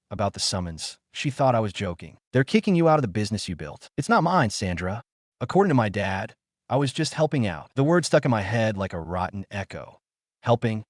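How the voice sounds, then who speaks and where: A man telling a first-person story in scripted narration, bitter and emotional. His pitch swings widely from line to line, and the sound is dry and close with no room. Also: no echo.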